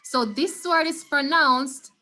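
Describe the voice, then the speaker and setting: Bright-voiced Jamaican woman teaching online. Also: high voice, a little hiss or hum. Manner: patient, repeats words slowly for students. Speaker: Spanish teacher. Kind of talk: online class lesson. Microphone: computer mic on a video call.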